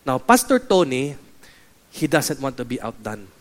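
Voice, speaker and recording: A man's voice: medium pitch, sing-song, moderate pace. A man with a Filipino accent preaching a sermon as pastor, emphatic and exhorting, repeating key phrases.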